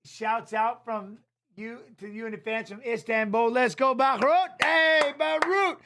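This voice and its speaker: Excitable man coaching a fight from the sidelines. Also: very high-pitched, measured pace. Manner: animated, coaching the fighters, answers viewer comments. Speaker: fight commentator hosting a watch-along. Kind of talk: live watch-along commentary and chat reading.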